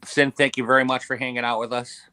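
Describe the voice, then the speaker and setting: A man co-hosting a casual chat, relaxed and friendly. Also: medium pitch, fast talker, clean tone, dry recording. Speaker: co-host.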